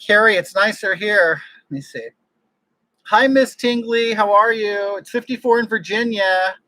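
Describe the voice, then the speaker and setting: A man's voice: sits high, a little slow, sharp tone, dry recording, poor audio. A man hosting a casual livestream from his home, chatting in a gushing, exclamatory way with viewers into a desk microphone. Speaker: livestream host. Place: home room with air conditioning.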